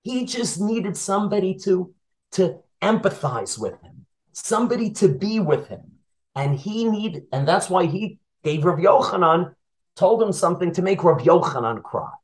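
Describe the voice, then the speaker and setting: A man's voice: sits high, expressive, normal speed, poor audio. A man who teaches Torah, retelling a Talmud story as a lesson and asking his listeners questions as he goes.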